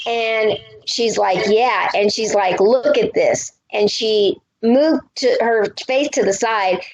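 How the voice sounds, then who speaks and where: Animated psychic woman in her fifties, lo-fi. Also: fairly high pitch. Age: 50s. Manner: animated, acts out quotes in her story. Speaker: guest psychic medium. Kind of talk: storytelling in a radio interview. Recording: dull lo-fi audio.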